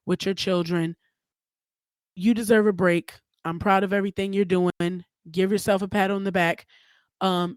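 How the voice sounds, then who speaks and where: A woman's voice: mid-range voice, darkish tone, no room sound. A young woman hosting her own podcast, talking alone in a candid, emphatic way and swearing freely. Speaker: podcast host. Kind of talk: solo podcast monologue.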